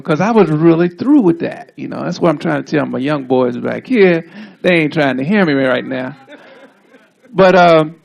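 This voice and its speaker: Easygoing male speaker with a gravelly voice, rambling anecdotes at an outdoor dedication. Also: fairly high pitch. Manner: laid-back, drawling storyteller with asides. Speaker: honoree giving a speech. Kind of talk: casual storytelling speech. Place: outdoor street ceremony.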